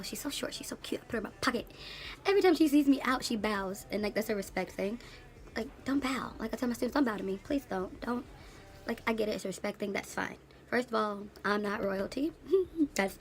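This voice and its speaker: A woman in her late twenties, an English teacher, ranting in a casual vlog with sassy, animated storytelling and slang. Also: medium pitch, slight background noise. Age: late 20s.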